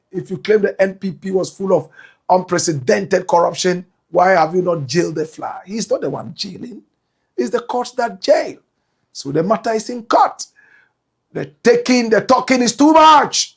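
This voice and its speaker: Male Ghanaian talk host, husky rasp, higher register, punchy commentary. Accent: Ghanaian English. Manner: swings between loud outbursts and low muttered asides. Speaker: talk show host reading viewer comments. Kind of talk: animated commentary.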